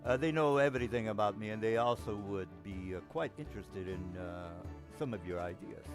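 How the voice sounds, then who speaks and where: Man, game master, tabletop narration, halting, many fillers, soft background music. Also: lowish voice. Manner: halting, many ums and restarts.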